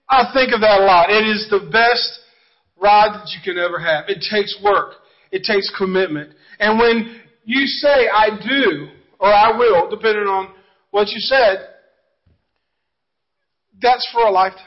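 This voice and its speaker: A man's voice: high-pitched, a little slow, long pauses, lo-fi sound. A middle-aged man preaching a sermon, telling folksy stories and jokes and talking to the congregation. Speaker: pastor. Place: church sanctuary.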